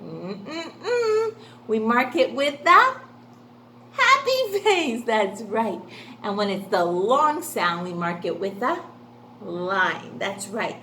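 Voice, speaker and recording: A woman's voice: on the high side, sing-song, takes it slowly, pushed and bright, roomy sound, slight background noise. A woman teaching a phonics lesson to young children, sing-song and encouraging, asking questions and answering them herself.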